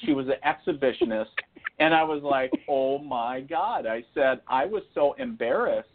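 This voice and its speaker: A man, a spiritual medium, telling funny stories on a talk show in a lively, laughing way. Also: mid-range voice, moderate pace, a little hiss or hum. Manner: animated, laughing anecdotes with acted-out quotes. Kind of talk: casual storytelling on a call-in show. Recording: phone-line audio.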